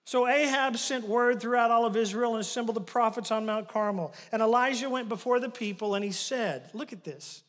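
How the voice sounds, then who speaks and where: A man preaches with real animation, swinging between loud bursts and hushed asides as he retells the story. His voice sits high for a man. The sound carries a long reverb, like a large church hall. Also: brisk, few pauses. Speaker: pastor. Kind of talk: sermon.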